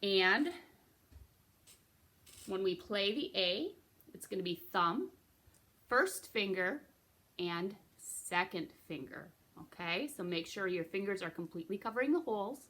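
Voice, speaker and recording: A woman's voice: medium pitch, lively intonation, unhurried, long pauses, a bit bright. A woman teaching a beginner recorder lesson, patient and encouraging, checking in with frequent okays. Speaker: music teacher.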